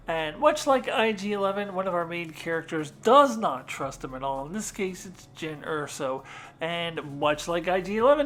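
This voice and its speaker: A woman hosting a casual countdown video, talking in a chatty, enthusiastic way with frequent filler sounds. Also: lowish voice. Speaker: video host.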